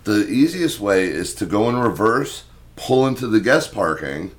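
A young man co-hosting a podcast, telling a story in casual, profane chat and loudly acting out what he said back then. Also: on the low side, measured pace. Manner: animated, swearing, acts out his own past lines loudly. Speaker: podcast co-host.

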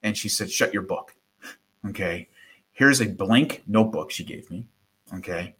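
A middle-aged man, a guest, telling a personal story in conversation, animated and acting out quoted voices. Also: lowish voice, normal speed. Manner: animated, acts out quoted voices, repeats words.

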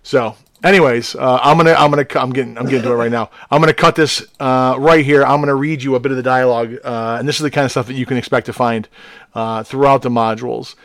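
A man's voice: mid-range voice, fairly even intonation, fast talker, a bit bright, no room sound. Male co-host, chatty, loose, restarts a lot, dry close-mic sound. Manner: rambling, with many restarts and fillers. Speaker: podcast co-host, module writer. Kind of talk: casual chat.

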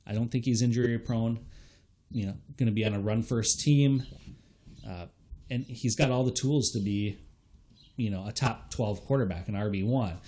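A young man in casual podcast chat, analyzing fantasy football with relaxed fillers and hedges. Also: on the low side.

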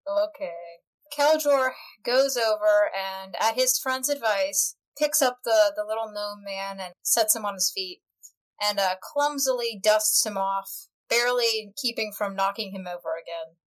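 A woman's voice: medium pitch, unhurried, poor audio. A woman tabletop player narrating her character's actions in a dry, matter-of-fact way.

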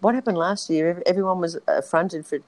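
A low-pitched woman chatting loosely with a friend. She rambles, circles back and speaks her mind with casual swearing. Her tone is relaxed and unscripted. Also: brisk, no room sound, poor audio. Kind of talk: casual reality-TV gossip chat.

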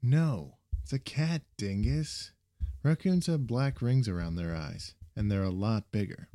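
A man's voice: lowish voice, lively intonation, measured pace, warm tone, pitched above the performer's own voice. A man voicing a cautious, patient young male student in a storybook reading.

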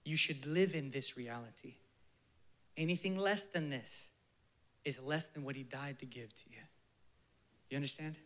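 A man preaching a sermon with passion, swinging from emphatic bursts to hushed near-whispers, and at times leading his listeners in slow, soft prayer. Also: medium pitch.

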